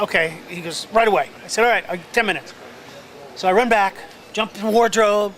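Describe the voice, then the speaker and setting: A man telling an animated story about his first film role in a casual interview, acting out the other people's lines. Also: sits high. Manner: animated storyteller, acts out quotes, many restarts. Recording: crowd noise outdoors.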